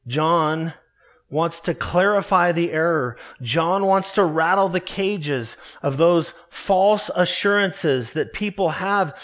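Slow, emphatic high-voiced male preacher. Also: a bit bright. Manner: earnest, emphatic preaching, slows to stress key words. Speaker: pastor. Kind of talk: sermon.

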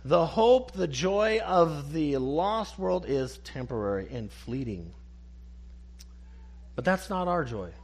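A male preacher delivering a sermon, his voice sitting a little higher than most men's. He is emphatic and poses rhetorical questions, then answers them in hushed, single words. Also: lively intonation, takes it slowly. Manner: emphatic, rhetorical questions, dropping to soft one-word answers.

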